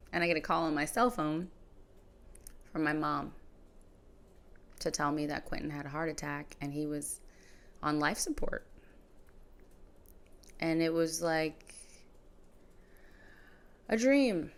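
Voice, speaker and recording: A woman with a notably low, deep voice tells a personal story on a podcast. She speaks in a reflective, conversational way, and her sentences often trail off softly at the end. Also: clear, resonant tone. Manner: reflective, conversational retelling with soft trailing phrases. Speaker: podcast host.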